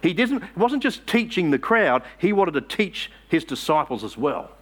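A man's voice: fairly high pitch, big pitch swings, moderate pace, a bit bright, breathy edge. A man preaching a sermon in church, emphatic and asking the congregation rhetorical questions.

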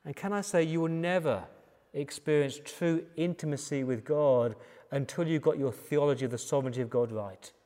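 A man's voice: a little high, moderate pace, mellow, big-room sound. A man with an English accent preaching a sermon as pastor, emphatic and building through repeated phrases. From England. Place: church.

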